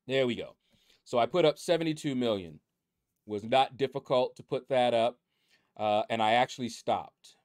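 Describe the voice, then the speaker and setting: A man's voice: medium pitch, normal speed, a little mellow, dry recording, studio quality. A man hosting his mobile game channel, chatting in a rambling, easygoing way from a room at home. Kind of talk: casual chat over game leaderboards.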